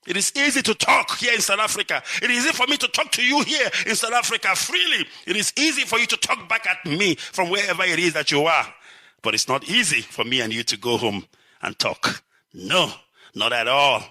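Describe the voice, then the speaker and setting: A middle-aged Nigerian man giving an impassioned live address, swinging from shouts to low, urgent warnings. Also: animated, normal speed, no room sound. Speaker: activist speaker.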